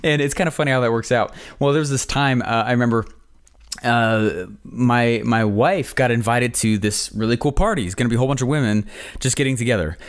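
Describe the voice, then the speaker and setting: A man's voice: mid-range voice, fairly quick, clean tone. A man hosting a podcast, telling stories in a rambling, opinionated, casual way. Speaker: podcast host.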